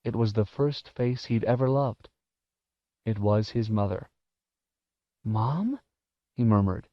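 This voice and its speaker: A man narrating an audiobook in a measured, expressive storytelling manner. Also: on the low side, no echo. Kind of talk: scripted narration. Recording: dull, dry cassette audiobook recording.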